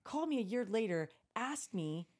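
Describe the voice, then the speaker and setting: A woman hosting a podcast, telling a work story in a blunt, profane, animated way. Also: fairly high pitch, normal speed. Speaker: podcast host. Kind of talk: casual storytelling chat.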